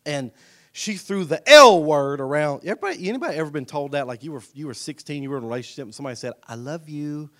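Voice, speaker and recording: A preacher with a fairly high voice delivers a sermon in a church, dropping low and soft before bursting into shouted emphasis. His pitch leaps around, and he keeps calling out to the congregation, pulling them in for a response. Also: animated, quick pace. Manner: swings from hushed and intimate to shouted emphasis, calls for response. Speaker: pastor. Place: church sanctuary.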